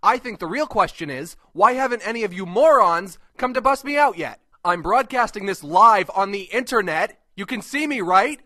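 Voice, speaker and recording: A man's voice: high voice, expressive, normal speed, hardly any pauses, bright, forceful tone, no echo, studio quality. A man voicing a scornful, foul-mouthed cartoon host. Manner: abrasive, mocking, short-tempered. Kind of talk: comedic web cartoon voice acting.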